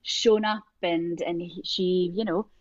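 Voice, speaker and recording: A woman's voice: on the low side, fairly even intonation, slow, no echo, highs cut off. A woman co-hosting a podcast, telling a story in casual chat with lots of fillers. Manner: chatty storyteller, many fillers. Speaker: podcast co-host.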